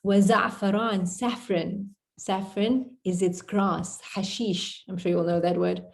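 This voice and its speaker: A woman tutoring an online class over video call explains an Arabic poem word by word, keeping things chatty. Her mid-range, gravelly voice holds a steady tone at a somewhat slow pace.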